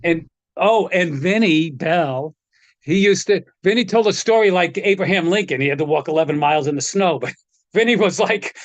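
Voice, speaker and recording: High-voiced man telling rambling anecdotes. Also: fairly quick, no echo. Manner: rambling anecdotes, acts out quoted voices, frequent laughs. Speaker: guest, guitar tech. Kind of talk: casual storytelling interview.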